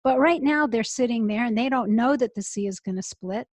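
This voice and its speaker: A middle-aged woman rabbi, telling an expressive story as an interview guest over earphones on a call. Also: fairly high pitch, fairly quick, dry recording. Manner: expressive, builds to emotional peaks. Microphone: earphones with mic.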